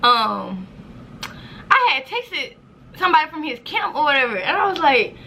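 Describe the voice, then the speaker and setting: A woman in her twenties telling a casual storytime to camera, animated and profane, with sudden high squeals when she quotes people. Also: normal speed, vocal fry, slight background noise. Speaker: vlogger.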